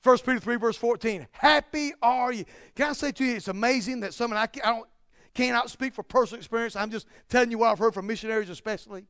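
A man preaching a sermon, building to loud, emphatic peaks and dropping to quiet, slow asides. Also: extremely high pitch, clean tone, dry recording, clean studio sound.

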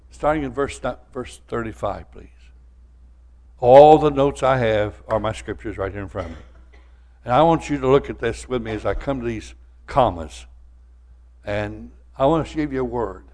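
An older man preaching a sermon, telling folksy stories and swinging from loud to soft. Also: mid-range voice, normal speed, pauses often. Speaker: pastor.

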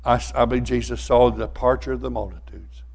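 Older male pastor, fervent sermon delivery, mid-pitched voice, builds in volume, stammers on repeats. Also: fast talker, gravelly. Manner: fervent preaching that swells louder, with repeated words.

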